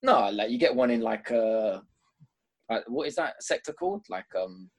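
Husky, lively-voiced co-host man. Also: medium pitch, moderate pace. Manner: hesitant, searching for words. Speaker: podcast co-host. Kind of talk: casual banter.

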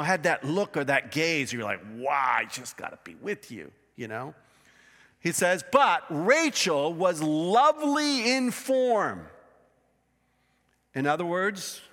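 A man's voice: high voice, pushed and bright. Man, pastor, sermon, emphatic storytelling, frequent restarts, long church-hall reverb. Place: church sanctuary.

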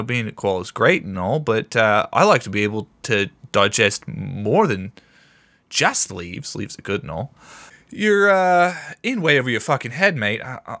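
A man's voice: medium pitch, sing-song, moderate pace, fairly bright tone, dry recording. A man playing a tabletop role-playing game, talking in a swaggering, profane, laughing way. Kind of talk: in-character role-play, casual.

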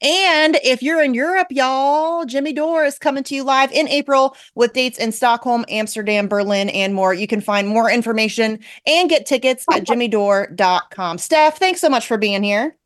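Talk show host lady, kinda high voice, emphatic, says yes a lot. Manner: emphatic, agreeing, fast asides. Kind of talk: casual political talk show.

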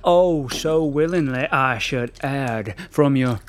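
A man's voice: medium pitch, slow pace, clear, resonant tone, close to an everyday voice. An actor playing a pompous man who poses as Edgar Allan Poe with a put-on Southern American drawl and grand theatrical delivery, in a comedic audio drama. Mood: grandiose.

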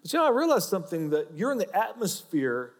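A man's voice: sits high, very animated, fast, in a large hall. A man with an Oklahoma accent preaching a sermon, folksy and joking as he teaches. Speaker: pastor.

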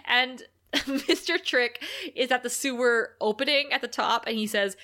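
This podcast co-host is a woman with a voice on the high side, speaking at a measured pace. She recaps an episode in casual chat, animated and laughing often as she acts out the characters' lines.

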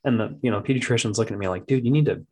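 A young man chatting casually as a podcast guest, telling animated parenting stories and mimicking his toddler in a high voice. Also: rapid-fire. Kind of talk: casual chat.

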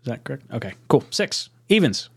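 A man co-hosting a casual sports chat stream, animated and self-mocking, breaking into laughs as he tells stories. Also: medium pitch, fairly quick, gravelly, slightly rough. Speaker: podcast co-host.

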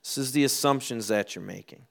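A middle-aged man preaching a sermon, telling stories and acting out quoted lines with lively ups and downs. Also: mid-range voice, fairly quick, gravelly. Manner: animated storytelling, acts out quotes. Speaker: pastor.

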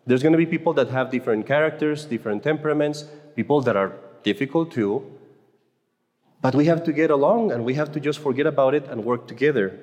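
A man with a fast, mid-range, somewhat dark voice gives an informal faith talk at a conference for Catholic mothers. He's conversational and jokey, frequently stammering and restarting, in an echoey hall with long reverb.

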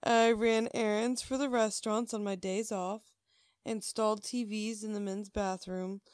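Woman podcast co-host, casual storyteller, slow delivery, dry close sound. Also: medium pitch, no echo. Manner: animated storyteller, acts out quoted voices, laughs often.

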